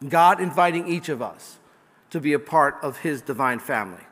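A man preaching a sermon in a slightly higher voice, mixing relaxed anecdotes with rising, emphatic passages. The voice carries a long, echoing reverb of a large church hall. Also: normal speed. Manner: storytelling with jokes, rising to fervent emphasis. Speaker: priest.

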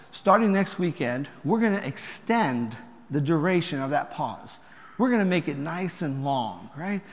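A man preaching a sermon as a priest, talking conversationally with rhetorical questions and gentle humor. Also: high-pitched. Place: church. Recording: long reverb of a church.

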